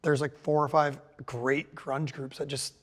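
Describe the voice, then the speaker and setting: A man's voice: mid-range voice, little pitch movement, measured pace. A man in his forties, a guest musician chatting casually in an interview, loose and rambling with lots of "like" and "you know". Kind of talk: casual conversation.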